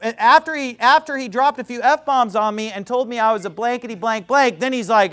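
A man preaching a sermon, retelling a story in an animated, mocking way and repeating words for emphasis. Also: very high-pitched, a little fast, hardly any pauses. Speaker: pastor.

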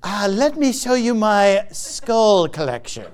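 Man doing a smug skull hoarder: high, slow, mocking. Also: very animated, noisy background, heavily acted. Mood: gloating. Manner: mocking, drawn-out, sly. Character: gloating man showing off a skull collection.

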